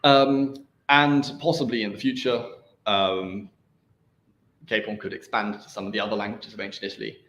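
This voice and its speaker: A man's voice: on the low side, fairly even intonation, normal speed, a bit bright, lo-fi sound. A young man presenting his research at an academic seminar, hesitant with many ums and restarts, over a video call. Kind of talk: academic seminar talk and answers. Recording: roomy, faint noise.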